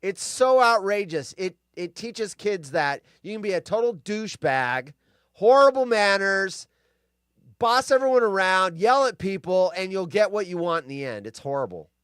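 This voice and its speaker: Male stream host, high lively voice, dry sound, cranky and foul-mouthed. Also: moderate pace, clear, resonant tone, no room sound. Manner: grumpy, profane, rambling rants. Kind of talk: casual live-stream chat.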